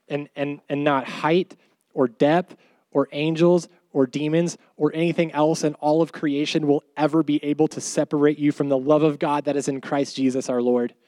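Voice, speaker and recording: A man's voice: a little high, a little mellow, no echo, clean studio sound. A young man preaching a youth sermon, telling personal stories in a jokey, casual way with slang. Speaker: youth pastor.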